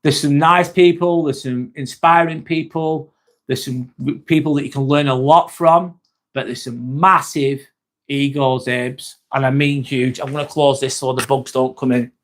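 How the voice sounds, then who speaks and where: A man's voice: medium pitch, steady tone, unhurried. A young man hosting a casual live stream, chatting to viewers, swearing now and then and calling people mate. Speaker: livestream host reading chat.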